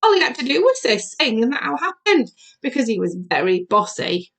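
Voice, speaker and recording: A primary school teacher recording a video lesson for young children, asking questions in a sing-song way. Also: female voice, fairly high pitch, very animated, a little fast, gravelly, fairly bright tone, breathy edge.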